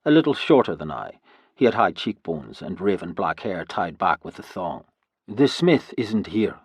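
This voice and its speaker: A man reading a historical novel aloud in the first person, telling the story in a measured way. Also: low voice, big pitch swings, breathy edge, no room sound. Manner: measured storytelling, voicing every character himself. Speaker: audiobook narrator. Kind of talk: first-person scripted narration.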